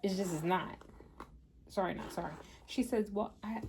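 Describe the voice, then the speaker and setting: A woman's voice: medium pitch, normal speed, a little mellow, a little hiss or hum. A woman, chatting candidly to her viewers and telling stories from her day. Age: 50s. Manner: candid, storytelling, talks straight to viewers. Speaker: vlogger and mother. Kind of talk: casual chat to camera.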